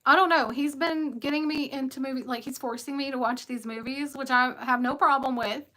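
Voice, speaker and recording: A woman's voice: sits high, fairly even intonation, brisk, sharp tone, poor audio. A woman with a West Virginia accent, a tarot reader chatting casually on a livestream, rambling and greeting commenters by name.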